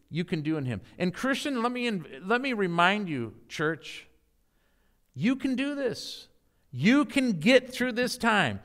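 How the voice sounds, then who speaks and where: A middle-aged man giving an encouraging sermon as a guest speaker, animated, with playful mock-enthusiastic asides. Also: sits high.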